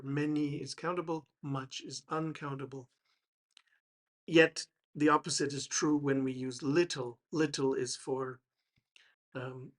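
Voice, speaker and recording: Slow, halting male English teacher. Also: mid-range voice. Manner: slow and hesitant, many fillers and restarts. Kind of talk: explaining grammar to learners.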